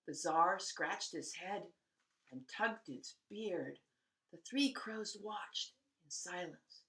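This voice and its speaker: A woman reading a story aloud in a gentle, expressive bedtime style, sometimes dropping to hushed tones. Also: fairly low pitch, slow pace, roomy sound, poor audio.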